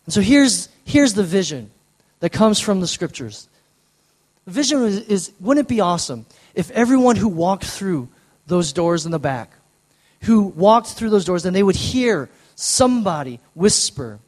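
A man preaching a sermon in a church, earnest and slowing down to lean on key words. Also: high voice, sing-song. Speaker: pastor. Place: church sanctuary.

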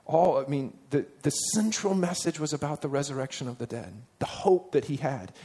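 Man preaching with a higher voice. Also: darkish tone, slightly rough. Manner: conversational, asks the listeners rhetorical questions; reads scripture aloud with emphasis. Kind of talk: sermon.

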